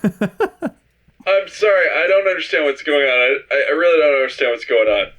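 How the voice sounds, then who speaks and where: A man's voice: fairly high pitch, normal speed, a bit bright, natural voice, poor audio. A man playing a confused runner calling in. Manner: confused, stumbling questions. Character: confused male runner calling in over the phone.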